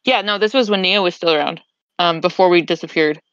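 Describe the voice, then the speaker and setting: A woman's voice: fairly low pitch, a little fast, a bit bright, dry recording. A woman casually recapping a tabletop game on a podcast, rambling and restarting sentences as she remembers. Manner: rambling, restarts sentences while recalling events. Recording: slightly muffled dry recording.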